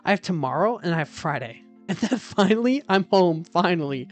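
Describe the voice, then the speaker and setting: A woman's voice: fairly low pitch, lively intonation, fairly quick, soft background music. A woman streamer telling a story in a casual chat stream from a hotel room, exasperated and dramatic, swearing freely.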